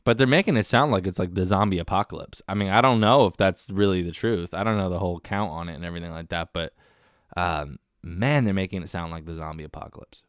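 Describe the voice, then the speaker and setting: Man, very low voice, smooth, rambling podcast host, dry close sound. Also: fast, no room sound. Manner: rambling, meandering, says dude and man a lot. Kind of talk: casual solo comedy podcast.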